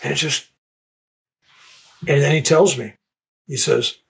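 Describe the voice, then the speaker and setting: Older man with a gravelly voice. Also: a little high, fairly even intonation, fairly bright tone, poor audio. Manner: halting, repeats words when searching for them. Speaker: interviewee. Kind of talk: personal storytelling.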